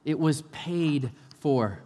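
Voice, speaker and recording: A man preaching a sermon as a pastor, impassioned, moving between hushed moments and forceful ones. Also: fairly high pitch, animated, slow. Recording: long reverb of a large hall.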